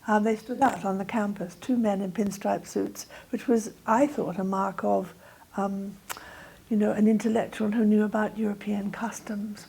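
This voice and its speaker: An older woman delivering an academic lecture. She speaks in a measured, thoughtful way, with a middle-pitched voice and the odd filler as she moves through her points. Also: a little mellow, husky, poor audio. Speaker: guest speaker. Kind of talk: lecture talk.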